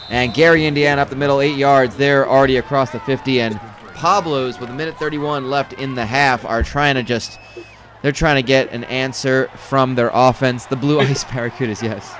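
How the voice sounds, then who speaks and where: A man's voice: medium pitch, fairly even intonation, a bit bright, slight background noise. A man giving joking, rambling live commentary on a video game football match, calling plays and swearing casually. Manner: rambling, swears, quick play calls.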